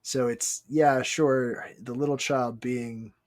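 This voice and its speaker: A man co-hosting a casual movie podcast, talking in halting bursts that build into excitement. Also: mid-range voice. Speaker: podcast co-host.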